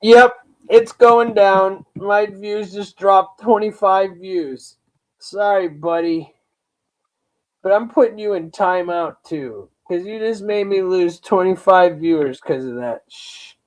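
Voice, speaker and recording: A man's voice: high voice, slow, rough recording. A young man hosting a livestream, rambling through a story in casual slang and chatting to viewers. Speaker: livestream host.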